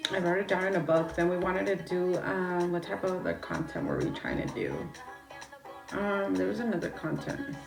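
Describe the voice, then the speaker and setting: A woman's voice: fairly low pitch, animated, normal speed, vocal fry, echoey room, recorded from a distance, over music. A woman livestreaming from her phone, talking bluntly and rambling, swearing and greeting her chat as she goes.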